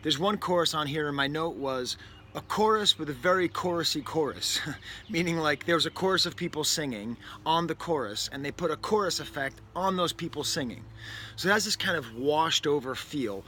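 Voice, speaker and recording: A man's voice: on the high side, animated, moderate pace, pushed and bright. Rambling, wry man reviewing records. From New England. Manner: rambling, self-interrupting, wry asides. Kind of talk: casual spoken record review. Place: indoors near a window, with a bird outside. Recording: faint background noise.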